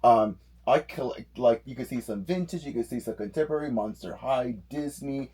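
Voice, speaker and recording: A middle-aged man co-hosting a live doll-collecting stream from his home office, reading viewer comments aloud with excited, animated greetings. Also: medium pitch, moderate pace, husky. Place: home office full of dolls.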